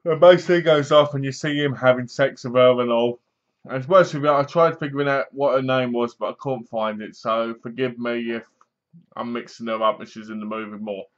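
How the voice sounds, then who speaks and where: A man's voice: medium pitch, fairly even intonation, fairly quick. Chatty man, dull lo-fi recording. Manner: rambling, chatty, wry humor. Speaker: film reviewer. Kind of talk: casual spoken movie review.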